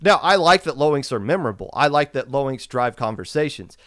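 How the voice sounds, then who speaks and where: A man hosting a podcast, delivering an emphatic, impassioned rant and repeating his points, his voice going hoarse. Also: mid-range voice, lively intonation, a little fast, a bit bright, dry recording, clean studio sound. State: losing his voice. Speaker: podcast host. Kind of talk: opinionated esports podcast rant.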